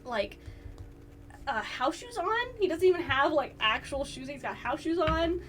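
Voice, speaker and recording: A woman runs a tabletop game, rambling and giggling through her descriptions. Her voice sits a bit high, and she sounds set back from the mic, with music playing clearly underneath. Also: animated, measured pace, fairly bright tone. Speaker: game master. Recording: distant mic with music behind.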